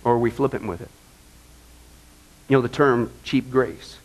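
A man preaching a sermon as pastor, conversational and animated, often checking in with "okay?". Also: mid-range voice, moderate pace, long pauses, rough recording.

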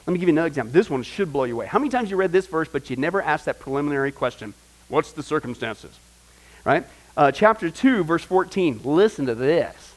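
A man teaching a discipleship Bible class in an animated way, firing off rhetorical questions. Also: a little high, fast, rough recording.

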